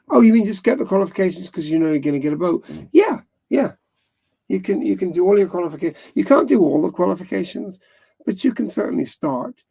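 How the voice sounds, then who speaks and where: A man's voice: fairly high pitch, vocal fry, mellow, slightly rough. A man hosting a live stream, chatting casually in a rambling way, often correcting himself and laughing. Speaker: livestream host.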